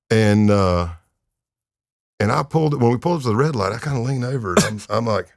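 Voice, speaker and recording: Low gravelly retired agent telling war stories. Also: male voice, animated, quick pace, no room sound, clean studio sound. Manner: laid-back, drawling, chuckles often, many fillers. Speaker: retired FBI undercover agent, podcast guest. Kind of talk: casual crime storytelling. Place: podcast studio.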